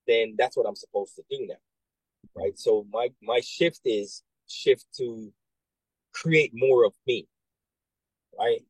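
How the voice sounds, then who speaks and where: A man working as a military recruiter, talking casually and telling animated stories with many restarts and asides. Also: mid-range voice, takes it slowly, pauses often, husky, no room sound, poor audio. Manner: animated storyteller, acts out quoted voices, many restarts and "right?". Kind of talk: casual conversation.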